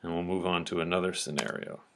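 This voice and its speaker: A man's voice: sits low, fairly even intonation, fast, a bit bright, a little hiss or hum. A man teaching a lecture-style lesson, explaining patiently step by step and often checking that listeners follow.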